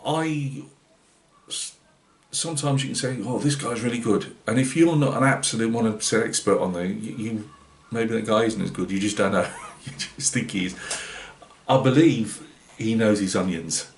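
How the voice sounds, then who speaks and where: Northeast English man, hobby channel host, chatty and halting, low voice, roomy echo. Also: a little hiss or hum. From Britain. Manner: rambling and hesitant, many fillers and restarts. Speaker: scale-modelling channel host. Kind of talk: casual vlog chat. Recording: roomy echoey room.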